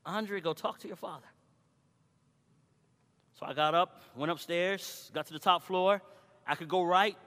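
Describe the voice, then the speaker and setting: A male preacher delivering a sermon, moving between loud exhortation and quiet personal storytelling. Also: a little high. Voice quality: swings from shouting to quiet storytelling. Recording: long hall reverb.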